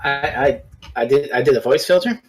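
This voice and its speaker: A podcast guest in a casual review chat, talking in an animated, blunt way and swearing casually. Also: mid-range voice, moderate pace, slightly rough.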